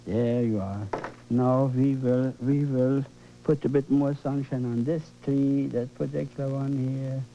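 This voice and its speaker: A man's voice: mid-range voice, steady tone, unhurried, a little hiss or hum. A man teaching painting as he works, fervent and coaxing, often repeating his words. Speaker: painting instructor. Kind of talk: live painting demonstration. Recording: dull lo-fi broadcast recording.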